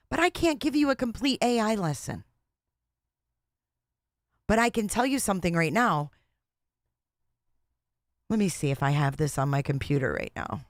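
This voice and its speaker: A woman's voice: mid-range voice, no echo, clean studio sound. A woman hosting a casual livestream, talking in a blunt, repetitive and exasperated way. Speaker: livestream host.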